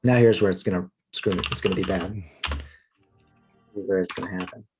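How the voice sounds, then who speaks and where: A man playing in a tabletop game over an online call, chatting casually with relaxed, self-deprecating remarks. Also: sits low, fairly quick, over music. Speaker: player. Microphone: online call microphone.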